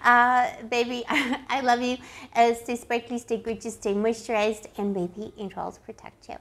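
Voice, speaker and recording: A woman giving a casual tarot reading, playful and affectionate, calling the listener pet names, her voice slightly hoarse. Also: on the high side, little pitch movement, moderate pace, fairly bright tone, slight background noise. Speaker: tarot reader.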